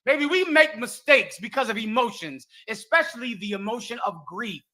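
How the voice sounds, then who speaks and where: A man's voice: very high voice, animated, moderate pace, bright, forceful tone. Preaching man with biblical phrasing. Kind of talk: sermon-like commentary.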